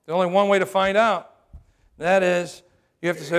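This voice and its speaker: A man's voice: high-pitched, fairly even intonation, normal speed, long pauses, clear, resonant tone. A middle-aged man preaching a sermon as pastor, humorous and conversational, often checking in with the crowd by asking "right?".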